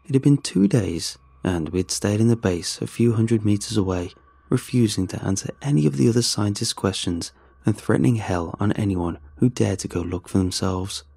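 A man narrating a first-person horror story in a measured, tense storytelling manner. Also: on the low side, vocal fry, dark tone, slightly rough, dry recording.

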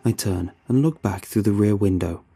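A man narrating a horror story in the first person, in a steady, tense manner. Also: on the low side, normal speed, slightly rough, soft background music.

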